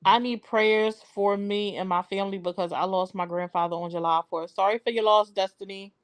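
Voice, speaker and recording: A woman's voice: mid-range voice, fairly even intonation, a little fast, no echo. A young adult woman hosting a live stream in a casual, chatty way, talking straight to her viewers.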